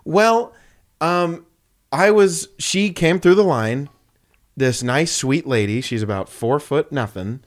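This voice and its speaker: A young man co-hosting a podcast, telling a story in a casual, animated way and often laughing as he acts out what people said. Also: on the high side, slow. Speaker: podcast co-host.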